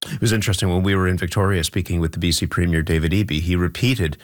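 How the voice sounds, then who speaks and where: Deep-voiced man hosting a political panel. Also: fairly even intonation, quick pace, dry recording, clean studio sound. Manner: conversational, poses questions to panelists by name. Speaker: host.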